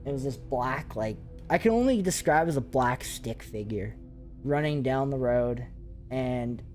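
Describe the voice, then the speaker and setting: A man who hosts a paranormal investigation channel, telling ghost stories in a casual live chat with excited, rambling talk full of fillers. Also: mid-range voice, unhurried, faint music behind. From Canada.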